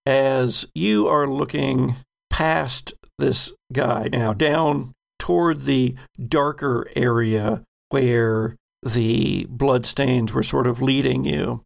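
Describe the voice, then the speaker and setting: A man narrating a tabletop game as game master, unhurried and halting with many fillers. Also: medium pitch, gravelly.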